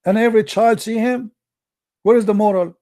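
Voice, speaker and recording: Man, live-stream host, mocking and blunt, higher voice, dark tone. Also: fairly even intonation, normal speed. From Middle East. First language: Arabic. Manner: combative, mocking, blunt insults. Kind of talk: heated live-stream debate.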